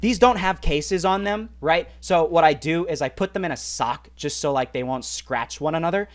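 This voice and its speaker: A man who is a mobile gaming YouTuber, telling a story in an animated, casual way full of "like" and "right?". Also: a little high, moderate pace. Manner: animated, lots of fillers like "like" and "right?".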